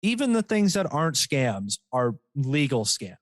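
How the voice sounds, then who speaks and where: A man riffing on a comedy podcast, telling stories with a lively pitch that swings up and down as he mocks people. He swears freely and talks in a loose, animated way. The sound is dry and close to the mic. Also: unhurried, no echo. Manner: animated storytelling, swears freely, mocking impressions. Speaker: podcast co-host. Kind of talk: casual comedic chat.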